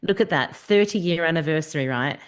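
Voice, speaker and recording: A woman's voice: low voice, brisk, smooth. An Australian woman co-hosting a podcast in casual chat, swearing freely and laughing often. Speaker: podcast co-host.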